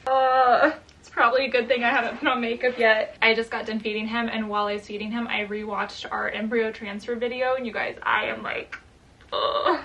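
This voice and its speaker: Young woman vlogger, mother, higher voice, emotional and candid, casual home chat. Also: flat delivery, brisk, fairly bright tone, lo-fi sound, slight background noise. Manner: emotional, laughing, tearful at times; sing-song talk to her baby.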